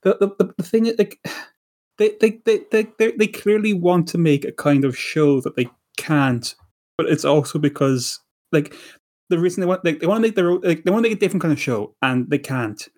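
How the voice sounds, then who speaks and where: A man's voice: on the high side, normal speed, darkish tone. A man co-hosting a podcast, chatting casually and rambling with many restarts and repeated words. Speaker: podcast co-host. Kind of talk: casual chat.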